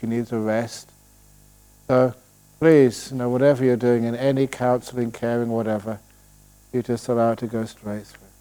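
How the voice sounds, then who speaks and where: A man, a Buddhist monk, giving a relaxed dharma talk at a retreat, telling stories and answering questions with playful humor. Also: medium pitch, clear, resonant tone. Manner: storytelling, playful, slows voice to demonstrate calm. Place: retreat hall.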